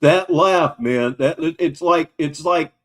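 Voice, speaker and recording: A man's voice: fairly high pitch, slow pace, fairly bright tone, faint music behind. An older man hosting a casual livestream, talking in a wry, mocking way. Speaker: livestream host.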